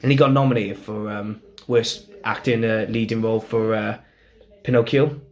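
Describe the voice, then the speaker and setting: A Welsh man in a casual podcast chat, his voice sitting a little low. He rambles and circles back on himself, landing his points with emphasis and the odd swear word. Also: steady tone, normal speed, dull audio. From Wales. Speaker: podcast host.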